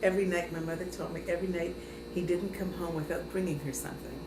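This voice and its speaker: Female interviewee, lower pitch, measured storyteller; roomy, noisy recording. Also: fairly even intonation. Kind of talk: recounting family history. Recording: echoey room with noise.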